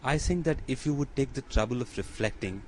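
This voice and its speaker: A man reading an earnest young gentleman. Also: mid-range voice, lively intonation, fairly quick, a little hiss or hum, voice pushed up, close to an everyday voice, rough recording.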